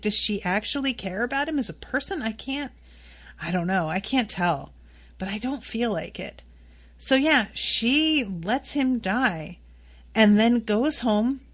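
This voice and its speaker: A woman's voice: medium pitch, fairly bright tone. A woman hosting a solo podcast, recapping a TV episode candidly and with exasperated, swearing asides. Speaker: podcast host recapping a TV series.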